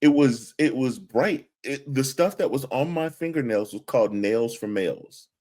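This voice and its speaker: In a relaxed podcast chat, this co-host asks questions conversationally, frequently making hesitant restarts. His voice is medium-pitched and mellow, animated, at a normal speed.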